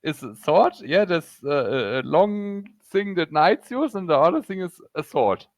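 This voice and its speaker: A man with a German accent running a tabletop game as game master, speaking haltingly with many fillers. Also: sits high, very animated, no echo.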